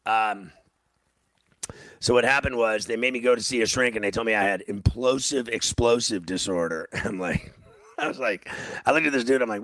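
A man's voice: fairly low pitch, moderate pace, a bit bright, no room sound. A man hosting a sports radio show, telling a rambling story in casual banter and laughing often. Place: radio studio.

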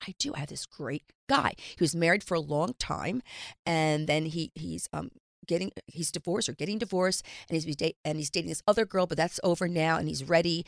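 A middle-aged woman telling a personal story in casual chat, candid and lively, acting out the voices she quotes. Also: on the low side, dry recording, studio quality. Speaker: guest.

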